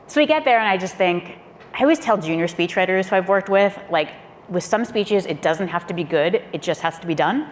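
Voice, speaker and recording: A woman, a former speechwriter, telling a lively anecdote on a panel, acting out quotes and laughing often. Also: lowish voice, brisk. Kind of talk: lively anecdote told to a live audience. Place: auditorium panel event. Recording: long hall reverb, faint room noise.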